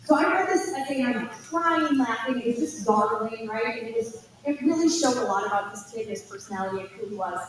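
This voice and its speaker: A woman giving an informal college admissions talk, telling chatty, animated stories with lots of asides. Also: a little high, brisk. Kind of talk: informal presentation to parents and students. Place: school auditorium. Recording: echoey hall from far off, faint noise.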